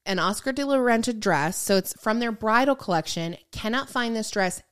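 Young woman, podcast co-host, chatty storyteller, smooth clear voice, casual gossip. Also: a little high, animated, normal speed, a bit bright.

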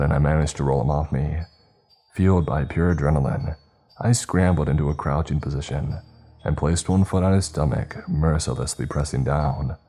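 A man narrating a first-person horror story in a measured, tense manner. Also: a bass voice, mellow, breathy edge. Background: faint music.

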